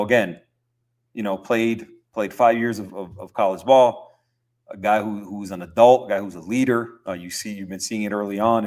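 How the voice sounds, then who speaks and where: A young man hosting a podcast, talking football in a relaxed, rambling way with lots of fillers and easy laughs. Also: lowish voice. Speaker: podcast host. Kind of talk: casual sports chat.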